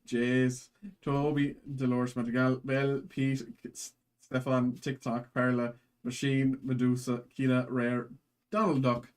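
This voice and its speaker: A man hosting a live stream card break, reading off card names in quick lists and chatting with his viewers. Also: mid-range voice, level tone, darkish tone. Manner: chatty with chat viewers, thanks buyers. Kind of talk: live stream pack opening.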